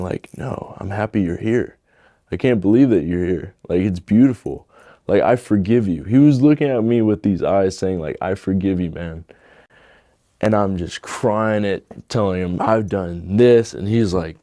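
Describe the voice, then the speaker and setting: Deep-voiced young man telling his story. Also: dark tone, dry recording, studio quality. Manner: heavy filler "like", storytelling with emotional swings. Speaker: testimony speaker. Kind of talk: casual personal testimony.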